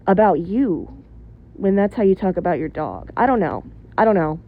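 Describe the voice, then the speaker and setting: A woman's voice: fairly low pitch, expressive, a little fast, narrow, tinny audio. A woman talking straight to camera in a casual opinion monologue, blunt and candid, swearing freely and rambling through asides. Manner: rambling with many fillers and asides. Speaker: vlogger.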